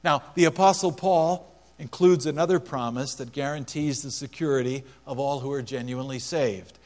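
A man's voice: medium pitch, moderate pace, darkish tone. A male pastor preaching a sermon, emphatic, repeating key phrases for stress. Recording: long hall reverb with mains hum.

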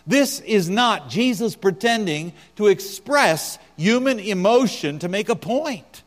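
A man preaching a sermon as pastor, swinging between soft, quiet passages and loud, emphatic ones. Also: high-pitched. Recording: long hall reverb with mains hum.

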